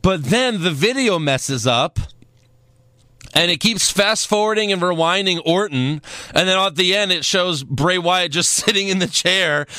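Man, podcast co-host, bright voice, dry close sound, sarcastic recap chat. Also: sits high, measured pace, dry recording. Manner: sarcastic, laughs often, mimics wrestlers in a raised voice. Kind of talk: casual chat.

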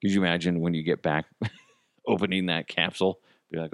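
Animated male podcast host, low voice, dry close sound, casual jokey storyteller. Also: brisk, vocal fry, dry recording. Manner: animated, jokey, self-deprecating.

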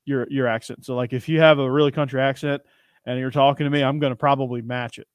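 A man's voice: medium pitch, fairly even intonation, quick pace, clear, resonant tone, dry recording. Chatty man hosting a podcast, dry sound. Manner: chatty, upbeat, storytelling. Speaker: podcast host. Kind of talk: casual sports podcast chat.

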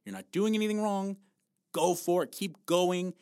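Blunt, profane fitness coach, dry close sound. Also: male voice, high voice, moderate pace, darkish tone, clean tone, no echo. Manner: blunt, profane, emphatic, pumps up the listener. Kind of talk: motivational fitness talk.

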